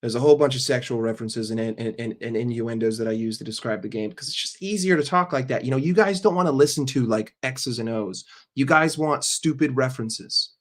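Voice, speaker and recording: A man hosting a live stream who answers his chat casually, speaking bluntly, swearing often and joking. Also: mid-range voice. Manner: blunt and profane, answers chat with quick jokes. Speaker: livestream host.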